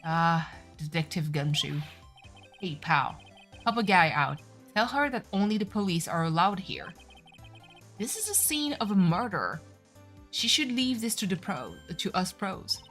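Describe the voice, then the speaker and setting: A woman's voice: fairly low pitch, lively intonation, a little slow, a bit bright, soft background music. A woman voicing a bumbling, friendly male police detective from a courtroom game. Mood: blustering.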